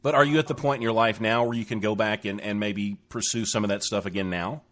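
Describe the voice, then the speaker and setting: Eager, halting male talk-show host. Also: lowish voice, steady tone, a bit bright. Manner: eager, halting with many restarts. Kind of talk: casual interview chat.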